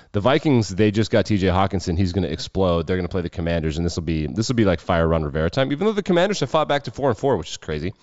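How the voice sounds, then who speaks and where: Host type, low-voiced guy, loose and cussy sports picks, dry dull mic. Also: darkish tone, no echo. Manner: loose, irreverent, swears freely. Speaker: sports betting show host. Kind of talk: casual sports talk.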